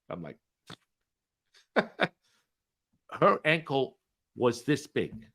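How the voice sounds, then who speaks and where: A man hosts a podcast and tells a story at an ordinary middle pitch. He talks in a loose, chatty way, full of fillers and tag questions. When he quotes people, his voice leaps up in pitch and volume. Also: very animated, very slow, gravelly. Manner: acts out quoted dialogue with big swings in pitch and loudness. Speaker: podcast host. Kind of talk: animated storytelling.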